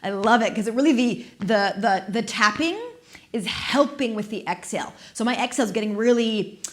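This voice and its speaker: Gentle, playful woman guiding exercise. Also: fairly high pitch, fairly quick. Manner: gentle, playful, encouraging, with soft laughs. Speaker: movement instructor. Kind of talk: guided exercise class. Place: studio. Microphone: dedicated microphone.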